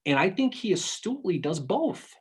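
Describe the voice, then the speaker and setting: A man with a slightly husky voice talks in a lively, swooping way, his pitch rising and falling as he works through a point. He chats casually on a history podcast and restarts his sentences often as he thinks aloud. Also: normal speed. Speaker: podcast panelist.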